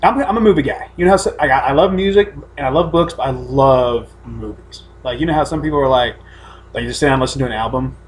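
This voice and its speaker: A man's voice: mid-range voice, fast talker. A man co-hosting a casual podcast from home, telling stories in a rambling, profane way with many restarts. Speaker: podcast co-host. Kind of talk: casual chat.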